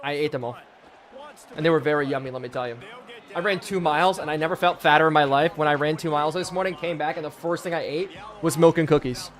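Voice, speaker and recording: A hoarse man in his twenties from Pennsylvania, giving hyped live game-stream commentary and chatting with viewers. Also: on the high side, steady tone, quick pace. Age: 20s.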